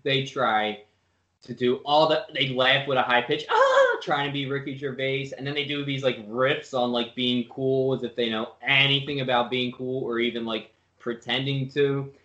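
A man's voice: mid-range voice, fairly even intonation, moderate pace, sharp tone. Sarcastic man in a roomy room. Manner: sarcastic, mocking. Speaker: podcast co-host. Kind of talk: casual podcast banter. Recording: roomy, dull lo-fi sound.

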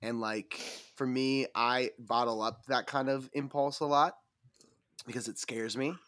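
A man co-hosts a film podcast in casual chat. His voice is bright and ringing, and he talks candidly, thinking out loud and laughing often. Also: mid-range voice, steady tone, a little slow, no room sound, studio quality. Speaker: podcast co-host.

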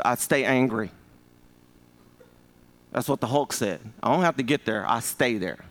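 Animated joking pastor in his fifties. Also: mid-range voice, measured pace. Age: 50s. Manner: animated, joking, calls for congregation responses. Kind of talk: sermon.

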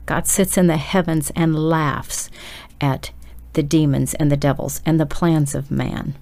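Low, gravelly-voiced woman preaching urgently. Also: fairly even intonation, measured pace, darkish tone. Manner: urgent, emphatic exhortation addressed straight to listeners. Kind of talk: sermon.

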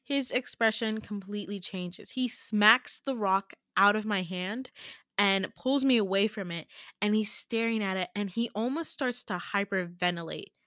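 A woman's voice: mid-range voice, normal speed, bright, forceful tone, no echo, clean studio sound. A woman host casually retelling a dream story in a chatty, filler-heavy way. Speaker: podcast host.

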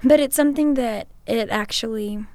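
A young woman talks casually with her partner in a playful, teasing way and laughs often. Her voice sits fairly high but sounds warm and mellow, and the recording is dry and close. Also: normal speed, dry recording. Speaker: partner in a couple's conversation. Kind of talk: casual chat.

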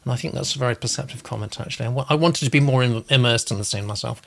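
A man's voice: mid-range voice, very fast, gravelly. A man hosting a show casually, reading out comments with chatty, hesitant asides. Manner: chatty, hesitant, many ums. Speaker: host.

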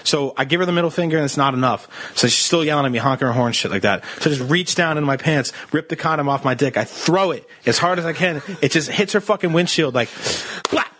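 A man's voice: fairly high pitch, fast talker, hardly any pauses, slight background noise. A man co-hosting a comedy podcast, telling a crude story full of swearing and acting out the people in it. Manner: profane, animated storyteller who acts out shouting. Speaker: podcast co-host.

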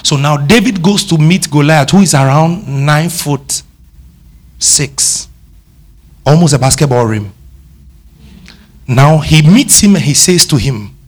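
Slow, higher-voiced Ghanaian preacher. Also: male voice, animated. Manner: emphatic, quizzes the congregation with repeated questions; switches between English and Twi. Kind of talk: sermon.

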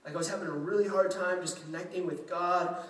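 A man's voice: high voice, fairly even intonation, quick pace, a bit bright. A male pastor from Louisiana preaching in a chatty, self-deprecating way, acting out quotes. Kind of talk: sermon. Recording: echoey room, mic at a distance.

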